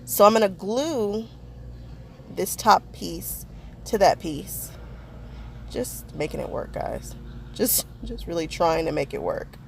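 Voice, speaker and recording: Gravelly chatty crafting woman. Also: medium pitch, expressive, takes it slowly, long pauses, a little hiss or hum. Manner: chatty, self-deprecating, talks to viewers. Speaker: crafting vlogger. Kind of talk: casual voice-over narration of a craft project.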